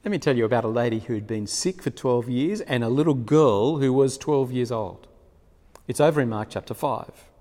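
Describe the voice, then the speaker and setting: A man preaching a sermon, retelling a story in an animated way with frequent chuckles. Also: medium pitch, normal speed. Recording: long hall reverb.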